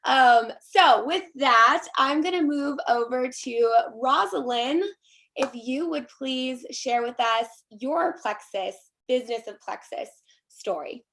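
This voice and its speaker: A woman's voice: sits high, slow pace, a bit bright. A woman from Tennessee hosting a livestream, introducing her guests in a friendly way. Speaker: host.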